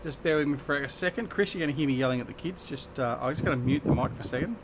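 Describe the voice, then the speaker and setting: A man's voice: on the high side, racing, background noise. An Australian man hosting a live gaming stream, chatting and joking with viewers as he plays. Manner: chatty and joking, reading out chat and answering viewers. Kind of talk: casual live-stream chat while gaming.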